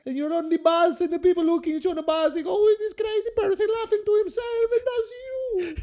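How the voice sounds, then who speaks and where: A man voicing an over-the-top emotional Italian-styled character thanking his fans, talking slowly and drawn out. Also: steady tone, warm tone. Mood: gushing. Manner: slow, drawn-out, emotional and high.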